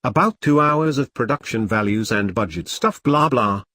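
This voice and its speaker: A man's voice: medium pitch, lively intonation, normal speed, sharp tone, no room sound. Male story narrator, scripted first-person read, middle voice, dead-dry booth sound. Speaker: narrator of online stories.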